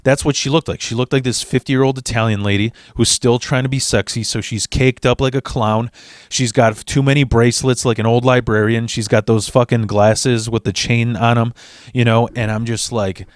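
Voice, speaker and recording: A man telling a comedic personal story in a rambling, profane monologue, acting out the dialogue with shifting voices and jumping between fast and slow delivery. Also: mid-range voice, fairly even intonation, dry recording, studio quality.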